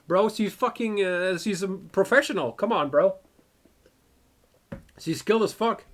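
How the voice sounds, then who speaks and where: Excitable young man cursing at a game. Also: high-pitched, unhurried, long pauses. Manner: excitable, swears often, says "bro". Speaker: gaming video creator. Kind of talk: casual reactive game commentary.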